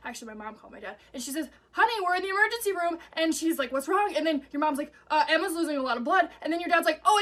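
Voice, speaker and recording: A woman races through a dramatic personal story with punchy emphasis and casual swearing. Her voice is high and her delivery quick.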